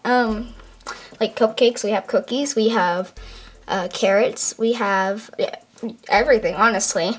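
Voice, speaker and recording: A woman's voice: medium pitch, fairly even intonation, unhurried, natural voice. A woman voicing an eager young male pet shopkeeper in a toy skit, chirpy and flustered, often stammering. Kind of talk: toy skit role-play.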